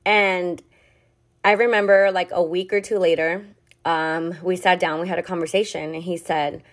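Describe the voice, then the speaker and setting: A woman's voice: on the low side, steady tone, normal speed. Candid, foul-mouthed young woman confiding. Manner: candid, heavy swearing and filler "like". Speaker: podcast host. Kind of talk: personal confessional monologue.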